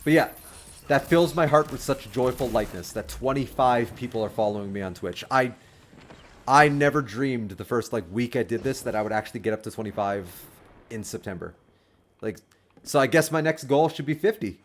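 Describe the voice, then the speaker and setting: A man streaming a video game, chatting casually with lots of fillers and sudden excited outbursts. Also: medium pitch, normal speed, slight background noise. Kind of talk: casual livestream commentary. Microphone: desk microphone.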